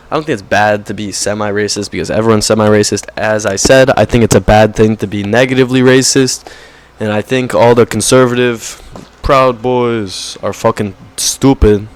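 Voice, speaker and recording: A young man talking to camera in a rambling, profane rant, often saying "bro" and mocking others in put-on voices. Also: smooth. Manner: mocking put-on quotes in higher voice. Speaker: vlogger.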